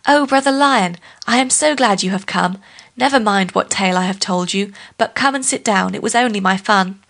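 Woman voices a crafty male spider trickster, storybook, pitched up and sly. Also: normal speed, fairly bright tone, natural voice. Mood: wheedling. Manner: wheedling, crafty.

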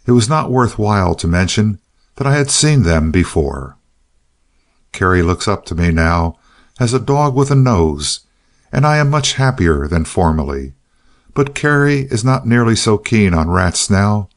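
A man with a fairly low voice reads a storybook aloud, telling it in the first person as a dog. His delivery is dry, sly and self-satisfied, the tone of someone quietly pleased with his own cleverness. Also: big pitch swings, measured pace. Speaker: narrator. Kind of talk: storybook narration as the dog himself.

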